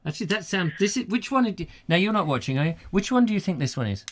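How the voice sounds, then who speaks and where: A man's voice: high-pitched, sing-song, quick pace, a bit bright, a little hiss or hum. A man hosting a comic chat show, jokey and rambling in his banter. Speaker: host.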